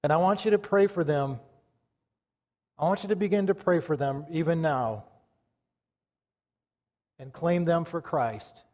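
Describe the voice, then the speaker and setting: A male pastor preaching a sermon with fervor, rising loud and then dropping to a hush. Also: on the high side, a little slow, pauses often. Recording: long reverb of a large church hall.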